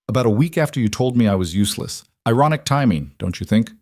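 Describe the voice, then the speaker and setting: A man's voice: mid-range voice, expressive, fast talker, a little mellow, no room sound, clean studio sound, natural voice. A man voicing a defiant pregnant young wife, cutting and bitter, in an audiobook reading.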